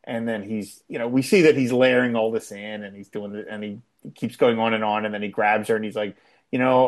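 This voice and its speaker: A podcast co-host chatting casually about a TV episode, laughing often and acting out quoted lines. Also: male voice, lowish voice, steady tone, a little fast. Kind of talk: casual chat recapping a TV episode.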